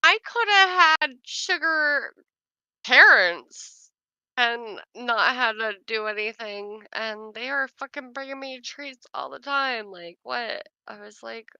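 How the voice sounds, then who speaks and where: Woman chatting w her sis, lots of laughs and "like"s, smooth clear voice, dry sound. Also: a little high, slow, bright, forceful tone, no echo, muffled recording. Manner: laughs often while telling a story; chatty, many fillers like "like". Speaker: storyteller chatting with her sister. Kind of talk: casual chat.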